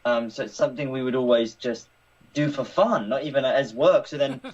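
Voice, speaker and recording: Husky actor, muffled audio. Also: male voice, medium pitch, fairly quick. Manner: friendly, explanatory, laughs easily. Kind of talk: casual interview chat.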